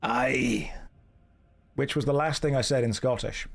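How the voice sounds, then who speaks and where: A man with a British received pronunciation accent, chatting casually as a streamer during a game with dry, deadpan jokes. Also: medium pitch, fairly quick, creaky.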